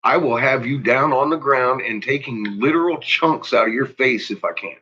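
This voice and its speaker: A man's voice: mid-range voice, normal speed, pushed and bright, breathy edge. A man ranting casually into his vlog, swearing heavily and laughing often. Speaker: vlogger. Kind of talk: casual profane rant. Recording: dull lo-fi recording.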